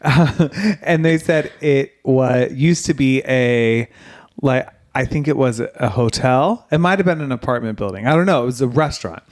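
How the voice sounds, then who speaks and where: A man's voice: medium pitch, normal speed. A man from Ohio co-hosting a podcast, telling stories in casual chat and laughing often, through a headset mic. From Ohio, USA. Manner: laughs often, relaxed storyteller. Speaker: podcast co-host.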